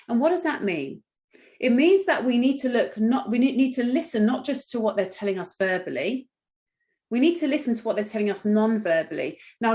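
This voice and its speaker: A woman from England teaching international doctors in an online masterclass, explaining calmly and acting out quoted patients. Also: medium pitch.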